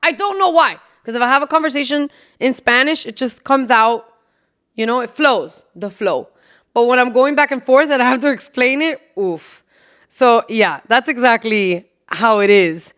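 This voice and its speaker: A woman with a slightly high voice and lively intonation hosts a casual solo podcast at a moderate, smooth pace. She's brash and profane, laughs a lot, slips into Spanish phrases and drops into loud whispers for asides.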